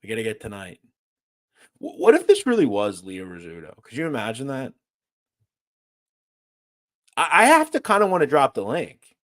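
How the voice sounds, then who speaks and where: Animated, joking male livestream host. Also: medium pitch, moderate pace, long pauses. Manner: loose, joking, swings from loud to mumbled asides. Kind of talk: casual livestream chat reading comments.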